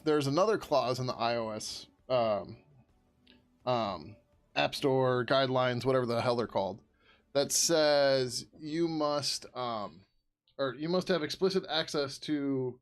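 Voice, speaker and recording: Chatty man streaming while coding. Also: mid-range voice. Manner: chatty, answers chat questions aloud, laughs often; drops into a loud joking whisper. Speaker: open-source developer streaming. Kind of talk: casual live-stream chat while coding.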